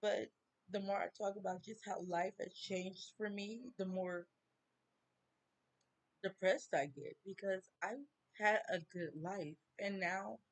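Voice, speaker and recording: Woman, vlog rant, slow and halting, close to crying. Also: mid-range voice, steady tone. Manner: slow, halting, tearful grief. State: near tears. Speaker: vlogger. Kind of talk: personal rant to camera.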